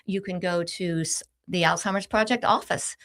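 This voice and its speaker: A woman's voice: fairly low pitch, normal speed, a bit bright. A woman guest on a radio show promoting a charity event, cheerful and rattling off lists. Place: radio studio.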